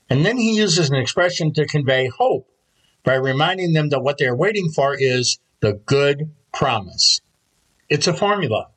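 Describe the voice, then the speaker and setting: A man, a pastor, preaching a Sunday sermon, opening with a prayer and telling stories in a calm, steady way. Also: fairly high pitch, husky, poor audio.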